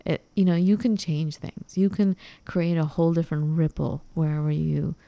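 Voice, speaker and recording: A woman co-host telling a story in a relaxed, mellow voice that sits a little low. She throws herself into the quoted dialogue and acts out each person as she goes. The sound is dry and close. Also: normal speed, creaky, no room sound. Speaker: podcast co-host. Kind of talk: casual storytelling chat.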